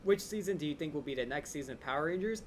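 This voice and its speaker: A young man hosting a live Q&A stream, rambling quickly and eagerly with lots of fillers, his voice a little drained. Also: fairly high pitch, slight background noise. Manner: fast, excited fan rambling with many "like" fillers. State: voice a bit drained. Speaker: channel host answering viewer questions.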